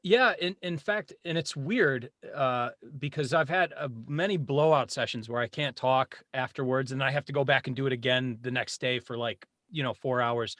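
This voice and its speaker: A man in his forties, a voice actor guest chatting casually on a podcast, animated and laughing often. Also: mid-range voice, moderate pace, few pauses, no echo.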